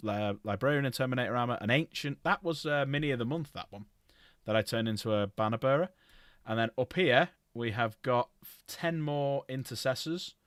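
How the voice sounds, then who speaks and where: A man in the middle of his pitch range talks casually on a livestream, running through long lists and stopping often to correct himself. The sound is dry and close, with almost no room around his voice. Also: fairly bright tone, smooth, no room sound. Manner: rambling, self-correcting, lists items aloud. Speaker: streamer.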